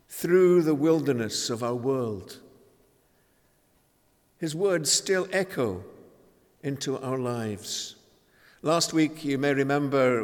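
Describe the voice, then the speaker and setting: A man preaching a sermon in a measured, emphatic way, with dramatic pauses. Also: medium pitch. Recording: long hall reverb.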